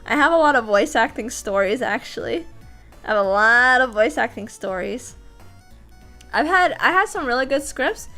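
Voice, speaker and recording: A high-pitched woman chats casually on a livestream about her voice acting work. She is animated, laughs often and restarts her sentences mid-thought. Soft background music plays faintly under her voice. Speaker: voice actor and streamer.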